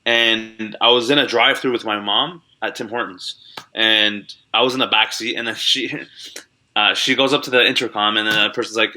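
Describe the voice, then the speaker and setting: A young man, an animated storyteller chatting over a video call and saying "like" a lot. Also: on the low side, normal speed, slight background noise. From Canada (Toronto). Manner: animated storyteller, heavy use of "like". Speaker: comedian guest. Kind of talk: casual interview chat.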